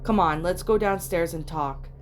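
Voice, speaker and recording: A grieving, fiercely protective father comes through, his voice lifting higher and louder when he pleads and cries out, as a woman reading a fan story puts him on. It is an everyday voice with little disguise, tearful and strained rather than deep or gruff. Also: normal speed, faint music behind, lightly acted. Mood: soothing.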